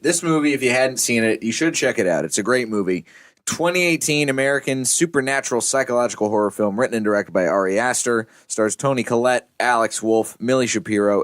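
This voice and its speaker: A man's voice: fairly low pitch, dry recording. A man hosting a movie podcast, chatting casually and eagerly explaining a film's plot. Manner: enthusiastic, explains plot at length. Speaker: podcast host.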